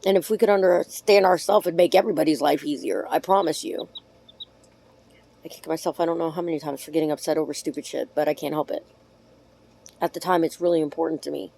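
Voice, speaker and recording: Chatty woman with a lowish voice. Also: fairly even intonation, quick pace, vocal fry, mellow. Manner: chatty, rambling, affectionate; frank, swears casually. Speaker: vlogger. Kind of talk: casual talk to camera.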